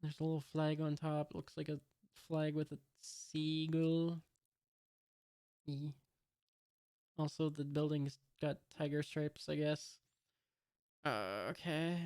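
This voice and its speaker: A man reading a comic for the first time and commenting as he goes, halting and musing, with many fillers. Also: a little high, steady tone, darkish tone, clear, resonant tone, no room sound, clean studio sound. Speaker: comic reader.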